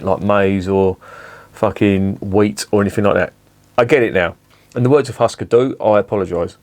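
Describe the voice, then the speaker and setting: A man's voice: on the low side, a little fast, a little mellow. Sweary grumbling man. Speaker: beer reviewer. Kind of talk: casual beer review vlog.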